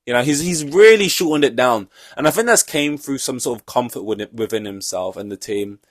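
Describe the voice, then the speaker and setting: A man's voice: medium pitch, lively intonation, a little fast, dry recording, studio quality. A young man hosting a solo podcast, reacting to a race in an offhand, rambling way, swearing freely. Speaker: podcast host.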